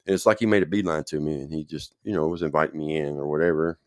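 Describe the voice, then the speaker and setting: Host, man with an extremely low voice, rambling personal storytelling, dry close sound. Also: fairly even intonation, fast talker, darkish tone, no echo. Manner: rambling, checks in with the listener often. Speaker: podcast host telling his own story. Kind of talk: casual spoken storytelling.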